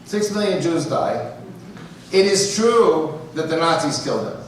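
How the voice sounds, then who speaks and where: A man with a New York accent from the United States speaks as a church guest in a fairly high, animated voice at a measured pace, telling stories with jokey asides and quoting others in dialogue. The recording, made in a church sanctuary with a distant mic, has a roomy echo and a little hiss or hum.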